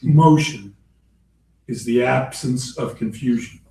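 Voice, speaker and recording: A man's voice: mid-range voice, slow pace, gravelly, dark tone. Hesitant man asking from far back. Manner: hesitant, paraphrasing. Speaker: student asking questions. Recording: distant and echoey with faint hiss.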